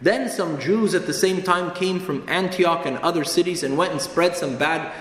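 Preacher guy, kinda high voice, repeats stuff for emphasis, big roomy echo. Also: moderate pace, fairly bright tone. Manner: earnest, emphatic, repeats phrases for stress. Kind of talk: sermon. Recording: echoey hall with long reverb, faint ambience.

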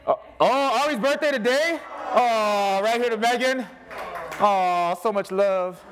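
A little slow and pitched high, a church speaker guides the crowd through a group activity. He's animated and joking, calling out to them.

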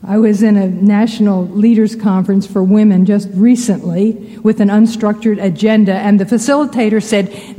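A woman giving a measured talk to a church audience, with wry asides. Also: mid-range voice, steady tone, warm tone, in a large hall. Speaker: speaker addressing ministers.

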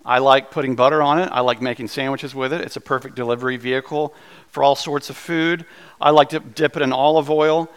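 A man preaching a sermon as pastor, mixing playful jokes with earnest teaching, with frequent asides and quick restarts. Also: clear, resonant tone. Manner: humorous, animated preaching with jokes about bread; quick asides and restarts, voice jumping higher when excited.

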